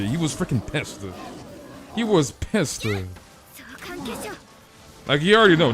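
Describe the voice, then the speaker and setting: A young man streaming a game live, chatting casually with viewers and telling animated, exaggerated stories. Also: on the high side. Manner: casual, animated, reads chat aloud, exaggerates. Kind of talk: live stream chat while playing.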